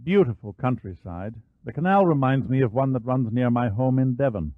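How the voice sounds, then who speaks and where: A man's voice: medium pitch, animated, normal speed, dry recording, lightly acted. A man reading Burton Angus, a polite British officer. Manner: polite, formal phrasing. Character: reserved British naval lieutenant, polite and clipped. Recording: dry, phone-like narrow band.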